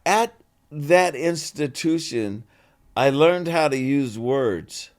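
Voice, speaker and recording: In a casual interview, an older man who is a guest actor spins stories and performs snippets of dialogue in voices with animated energy. His voice runs on the high side, and he takes his time.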